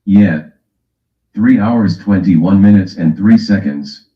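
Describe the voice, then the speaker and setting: Brash stream host, a man with a low, slow voice, on roomy, dull audio. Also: warm tone. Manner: brash, teasing, calls out chatters. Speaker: livestream host. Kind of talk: casual stream chat.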